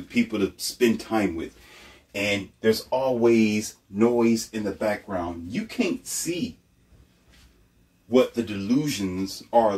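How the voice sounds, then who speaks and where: A man preaches bluntly in a low voice that rises and falls a lot. He repeats himself for emphasis. The sound is distant, as if the microphone is across the room. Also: darkish tone. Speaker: host of a motivational monologue. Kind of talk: preachy motivational monologue.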